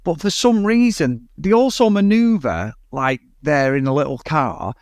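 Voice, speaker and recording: A man's voice: on the high side, lively intonation, a little slow, clean tone, dry recording. British guy ranting about a movie, swears a lot, lightish voice, dry close mic. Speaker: podcast co-host. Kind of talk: casual film review chat.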